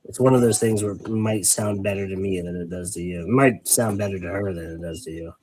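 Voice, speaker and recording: A man with a low, slightly fast, somewhat mellow voice hosts a casual hobby stream while painting miniatures, rambling wordily and poking fun at himself. The recording is low quality, with slight background noise.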